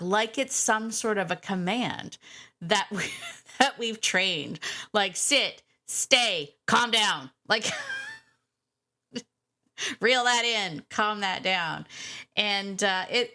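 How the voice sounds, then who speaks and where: Chatty woman hosting a dog podcast. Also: mid-range voice. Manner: chatty and animated, laughs often. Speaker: podcast host and dog trainer. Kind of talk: casual podcast chat.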